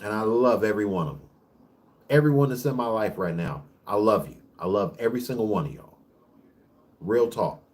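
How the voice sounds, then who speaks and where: A man's voice: lowish voice, expressive. Profane, preachy man ranting on camera. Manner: rapid bursts with frequent restarts. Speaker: vlog host. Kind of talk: casual monologue rant.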